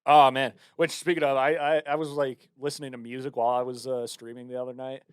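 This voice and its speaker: A young adult American man co-hosting a podcast, ranting in a casual, profane, animated way. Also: mid-range voice, quick pace, smooth, no echo, clean studio sound. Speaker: podcast co-host. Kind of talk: casual chat.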